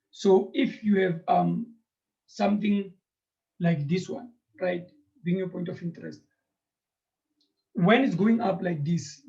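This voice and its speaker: A man teaches a math lesson in a high voice. He keeps checking in with his students, tagging "right?" onto his points, and fills his pauses with "um". The recording sounds dull and lo-fi. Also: darkish tone. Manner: talks to students directly, often checks with "right?", many "um"s.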